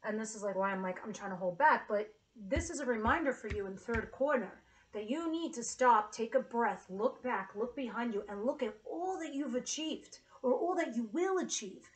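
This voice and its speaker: Woman tarot reader, a touch high in pitch; heartfelt, chatty delivery with casual cursing. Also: lively intonation, normal speed, few pauses, low-quality recording. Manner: emotional, earnest and casually profane. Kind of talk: casual tarot reading to camera.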